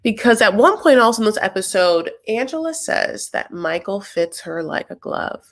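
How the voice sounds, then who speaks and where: A woman's voice: medium pitch, big pitch swings, moderate pace, fairly bright tone. A young adult woman hosting a casual TV recap, chatty and sassy with rambling asides. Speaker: host.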